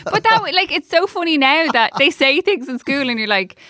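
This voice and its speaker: A woman's voice: sits high, sing-song, fairly quick, pushed and bright. A woman on a podcast, chatting in a rambling way with lots of fillers. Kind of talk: casual chat.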